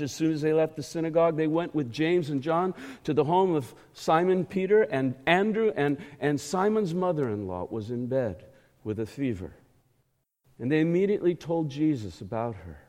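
A man preaching a sermon in a church, emphatic and measured, asking the congregation rhetorical questions. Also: fairly high pitch, a little mellow. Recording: echoey hall.

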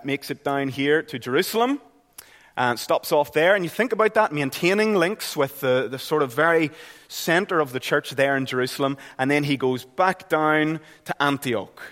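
A man's voice: fairly high pitch, a bit bright. A middle-aged man with a Northern Irish accent preaching a sermon in a church, earnest and conversational. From Northern Ireland. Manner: earnest, conversational, with frequent restarts. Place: church hall. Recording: long hall reverb.

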